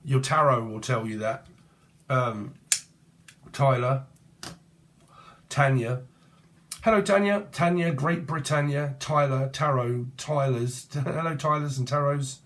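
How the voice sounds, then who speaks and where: A man's voice: mid-range voice, fairly even intonation, takes it slowly, pauses often, a bit bright. A man giving a rambling tarot reading, free-associating between word plays and names in a casual, slangy way. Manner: casual, swears and uses slang. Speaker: tarot reader.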